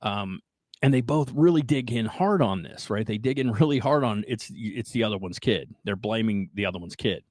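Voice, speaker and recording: A man hosting a podcast, casually retelling a strange story in an animated way, often checking in with "right?" and "like". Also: on the low side, normal speed, no room sound, rough recording. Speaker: podcast host.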